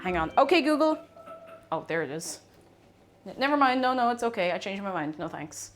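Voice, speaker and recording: A woman's voice: fairly low pitch, expressive, brisk, fairly bright tone, soft background music. A woman streamer chatting casually with her viewers while she bakes. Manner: chatty, reading out viewer messages. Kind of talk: casual chat while baking.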